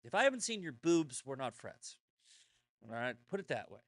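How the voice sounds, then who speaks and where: A man hosting his own show delivers a casual monologue that's blunt, rambling, profane and full of restarts. His mid-range voice is very animated and moves at normal speed, captured on a dry recording.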